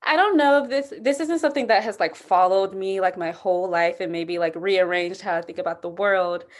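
A woman talking casually, telling a story with animated delivery. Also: mid-range voice, fairly quick. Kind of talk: casual chat.

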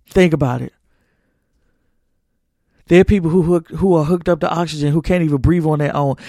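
In a mellow, slightly high voice, a man hosts a preachy motivational faith podcast, repeating sermon-style lines to rouse listeners in folksy Southern-church fashion. The sound is clean studio quality with no echo.

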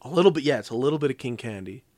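A man's voice: medium pitch, animated, a little mellow, no echo. A man co-hosting a casual podcast chat, laid-back, quoting lines from an episode as he recaps it. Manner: laid-back, quick asides and quoted lines. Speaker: podcast co-host.

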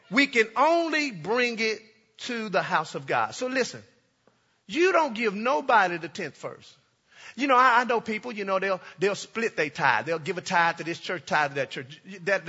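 A man, a pastor, preaching a sermon in church with call-and-response to the congregation and rising shouts. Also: sits high, lively intonation, normal speed, breathy edge, big-room sound. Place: church sanctuary. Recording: muffled lo-fi sermon recording.

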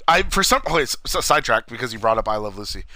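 A man co-hosting a casual podcast chat, talking in an animated, profane way into a close microphone. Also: medium pitch, very fast, dry recording. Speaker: podcast co-host. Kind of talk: casual chat about wrestling.

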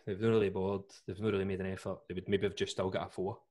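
A young Scottish man with a slightly low voice, co-hosting a podcast. He talks in a loose, jokey, chatty way and laughs often. The delivery is casual and conversational. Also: flat delivery, very fast, a little mellow. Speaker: podcast co-host. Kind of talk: casual chat.

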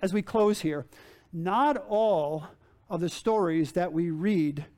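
A male pastor preaching in a loose, conversational way, with a notably high voice. He repeats his key phrases and keeps putting rhetorical questions to his listeners. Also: slow pace, a little mellow. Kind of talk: sermon.

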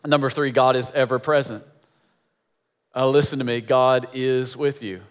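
A man's voice: mid-range voice, steady tone, moderate pace, clean tone, long reverb tail. A man preaching as pastor, emphatic and repeating phrases for effect. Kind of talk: sermon.

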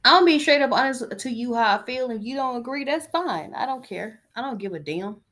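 With a little hiss or hum in the audio, a young woman hosting her own podcast speaks expressively and a little fast in a casual solo monologue. Her soft, low-key tone is broken up by blunt, opinionated asides full of slang.

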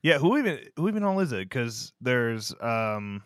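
Man, casual film chat, blunt, swears, dry room, average pitch. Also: sing-song, moderate pace, dry recording. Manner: loose, blunt, swears freely. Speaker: podcast co-host.

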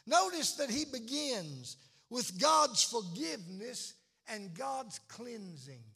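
A man preaching a sermon, shouting and chanting phrases in a slow, drawn-out, impassioned way. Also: very high voice, sing-song, husky. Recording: echoey hall.

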